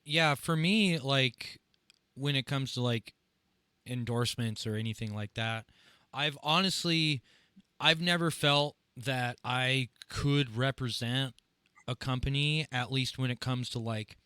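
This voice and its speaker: Guy hosting a drum podcast, kinda rambly, sharp bright voice, dry sound. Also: mid-range voice, a little slow, clear, resonant tone, dry recording. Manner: rambling, full of fillers and restarts. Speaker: podcast host and drummer. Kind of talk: casual interview chat.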